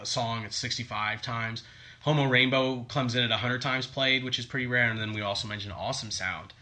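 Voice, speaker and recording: A man's voice: mid-range voice, pushed and bright. A man co-hosting a podcast in casual chat, rambling with lots of fillers like "like" and "um". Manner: rambling, filler-heavy with many likes and ums. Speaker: podcast co-host.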